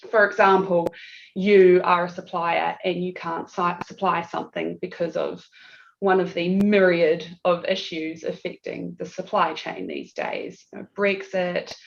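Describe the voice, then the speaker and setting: A woman's voice: lowish voice, vocal fry. A woman with a New Zealand accent presenting a legal webinar in a chatty, self-deprecating way with frequent fillers, over a video call. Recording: dull lo-fi video call audio.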